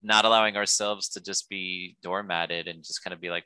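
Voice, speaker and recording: A man's voice: low voice, fairly even intonation, fairly quick, few pauses, pushed and bright, clear, resonant tone, no room sound, rough recording. A man hosting a podcast interview, talking loosely with many fillers and restarts while agreeing with his guest. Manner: rambling, many fillers and restarts, encouraging backchannels. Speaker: podcast host. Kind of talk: casual conversational interview.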